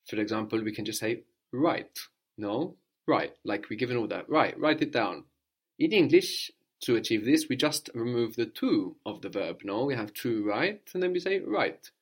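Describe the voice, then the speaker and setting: A man teaching a language lesson, patiently prompting and repeating answers slowly. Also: fairly low pitch.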